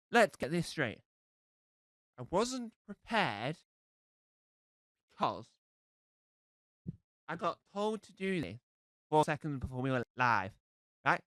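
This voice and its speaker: A man's voice: fairly high pitch, fairly bright tone, clear, resonant tone, no echo, low-quality recording. A man with a cold doing a rambling, self-deprecating live stand-up set. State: has a cold. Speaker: stand-up comedian.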